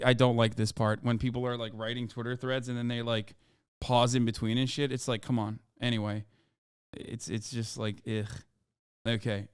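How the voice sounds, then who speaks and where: A man's voice: mid-range voice, a bit bright, clear, resonant tone, no echo, studio quality. A man hosting a livestream, reacting with profane, incredulous outbursts. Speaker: livestream host. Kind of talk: live reaction commentary.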